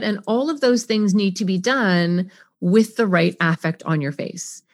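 A middle-aged woman talking as a parenting coach on a podcast, expressive, acting out scenes and asking rhetorical questions. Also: medium pitch, moderate pace, no room sound, studio quality. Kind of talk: podcast guest conversation.

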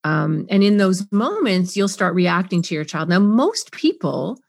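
A middle-aged woman talking as a parenting coach on a podcast, expressive, acting out scenes and asking rhetorical questions. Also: lowish voice, a little slow, creaky, no room sound, clean studio sound. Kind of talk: podcast guest conversation.

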